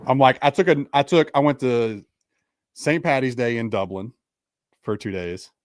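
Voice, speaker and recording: A man's voice: mid-range voice, normal speed, dry recording, studio quality. A young man, a podcast guest, telling a personal story in a rambling, casual way with lots of fillers.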